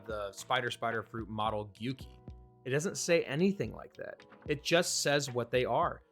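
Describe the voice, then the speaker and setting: A man hosting a casual manga review, talking in a chatty, enthusiastic way with small restarts. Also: medium pitch. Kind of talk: casual commentary.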